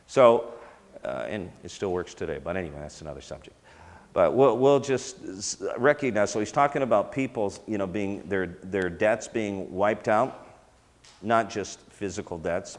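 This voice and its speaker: A man teaching in sermon style, talking conversationally with fillers and restarts. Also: on the low side. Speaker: teacher of a ministry school. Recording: long hall reverb.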